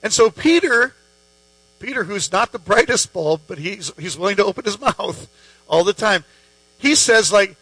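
Male pastor, high bright voice, dry close sound with a faint mains hum, informal joking sermon delivery. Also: moderate pace, slightly rough, no room sound, poor audio. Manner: chatty, joking asides, animated quoted voices. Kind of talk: casual conversational sermon.

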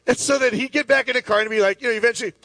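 A man's voice: very high voice, bright, forceful tone, no echo. A middle-aged male pastor preaching a sermon, telling stories with many restarts and asides. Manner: storytelling with lots of restarts and asides.

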